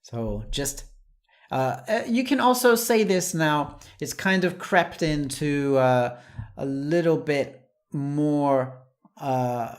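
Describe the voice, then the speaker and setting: Speaking at a middle pitch, a patient English teacher goes over everyday expressions slowly and carefully. Every example phrase gets said unhurriedly and repeated, and a light chuckle slips in now and then between points.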